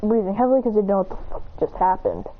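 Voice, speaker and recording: A woman's voice: mid-range voice, expressive, racing. A woman casually retelling a fan-made story, rambling and stringing lines together with "he goes". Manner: rambling, piles up "he goes" narration. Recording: tinny phone-like line with faint noise.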